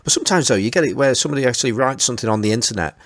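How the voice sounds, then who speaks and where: A man's voice: medium pitch, animated, racing, no echo, studio quality. A man co-hosting a casual podcast, talking hesitantly with stammers and restarts. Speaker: podcast co-host.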